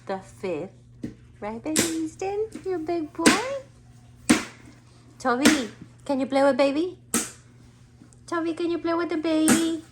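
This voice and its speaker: A high-pitched woman talks slowly in coaxing, sing-song baby talk, as if to pets and an infant. She is filming a casual home video on a handheld phone in a family home. The recording carries a clear layer of background noise. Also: lively intonation. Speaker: family pet-monkey vlogger.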